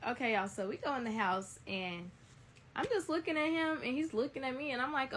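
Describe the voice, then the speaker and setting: A young woman telling a story in a casual, blunt, animated way, talking straight to her viewers. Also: sits high, fairly quick, a little hiss or hum.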